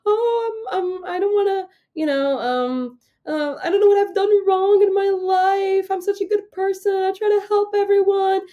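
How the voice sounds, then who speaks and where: A woman's voice: very high-pitched, normal speed, few pauses, dull audio, pitched above the performer's own voice. A woman mimicking her mother as a melodramatic, self-pitying woman who wails and sobs. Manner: wailing, sobbing.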